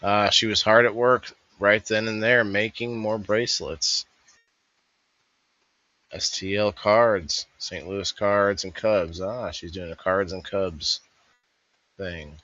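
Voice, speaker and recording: A man's voice: lowish voice, steady tone, slow, sharp tone, no echo, muffled recording. A man hosting a casual review, thinking aloud in a rambling voice-over. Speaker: host reviewing a vendor fair.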